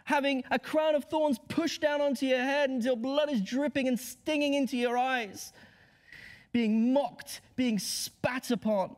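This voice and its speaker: Impassioned high-voiced preacher man. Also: measured pace. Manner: impassioned, rhetorical, swings between hushed lows and emphatic highs. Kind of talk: Good Friday sermon.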